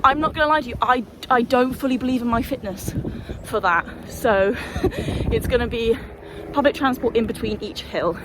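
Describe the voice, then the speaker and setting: Woman vlogger, a touch high, sweary and self-mocking, windy handheld outdoor audio. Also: normal speed. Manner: chatty, sweary, self-deprecating. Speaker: hiking vlogger. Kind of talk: casual vlog chat while walking.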